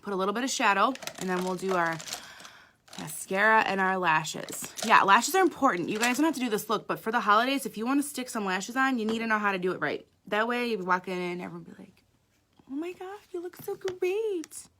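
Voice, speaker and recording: Woman doing a chatty live makeup tutorial, bright sharp voice, middle pitch, talks right to viewers. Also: quick pace, slight background noise. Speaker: makeup artist.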